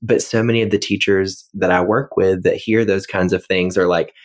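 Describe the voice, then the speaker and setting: A man's voice: sits low, steady tone, moderate pace. A man who co-hosts a podcast and teaches middle school English, telling stories in a wry, self-deprecating way with lots of fillers. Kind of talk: casual podcast chat.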